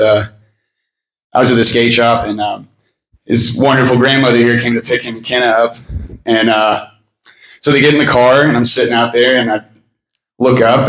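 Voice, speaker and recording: Speaking with a medium-pitched, fairly bright voice, a man in his thirties gives a wandering eulogy packed with personal stories, fillers and laughter. The memorial gathering takes place in a room that sounds roomy on this poor-quality recording.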